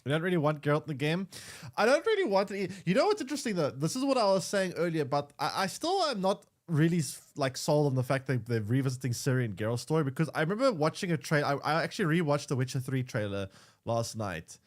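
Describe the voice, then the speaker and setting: This is casual gaming commentary from a young male streamer who stammers, restarts and repeats himself a lot. He talks fast, in a voice on the high side with big swings in pitch.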